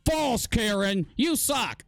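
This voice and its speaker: A smug, sneering woman flat earther who swings her high voice around with self-satisfied contempt, as a man mocks her. It is recorded dry and up close, with soft music in the background. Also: slow, gravelly, dry recording, full character voice. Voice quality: mocking falsetto.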